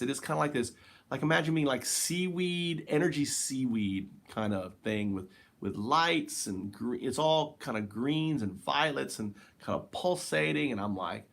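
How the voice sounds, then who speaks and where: Guy rambling about spirituality, lots of ums, trails off soft and slow sometimes. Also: medium pitch, lively intonation. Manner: rambling, searching for words, many fillers. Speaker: host. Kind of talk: casual spiritual monologue.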